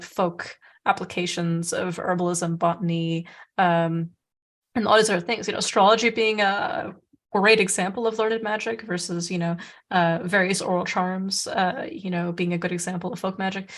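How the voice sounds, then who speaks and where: A woman co-hosting a podcast in a loose, casual conversation. She rambles through her points with many fillers and restarts. Her voice sits at an ordinary mid pitch. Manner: rambling, filler-heavy, laughs often. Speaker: podcast co-host. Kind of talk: casual chat.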